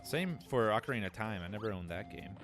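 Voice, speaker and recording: A man's voice: lowish voice, expressive, fast talker. A man in his late twenties, a gaming co-host chatting casually, laid-back and agreeable, adding short replies and memories. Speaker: gaming channel co-host, watching. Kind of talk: casual let's-play chat. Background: game music.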